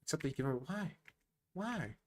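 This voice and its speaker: Excitable man giving slangy chess commentary. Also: on the high side, normal speed. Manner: excitable, slangy, talks straight to the player. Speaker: chess streamer. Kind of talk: casual live chess commentary.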